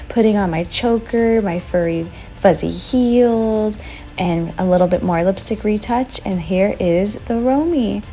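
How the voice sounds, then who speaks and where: A young woman talking through a makeup tutorial in a chatty, relaxed, slightly slow and sleepy voiceover recorded as a voice memo. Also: fairly low pitch. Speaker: beauty vlogger.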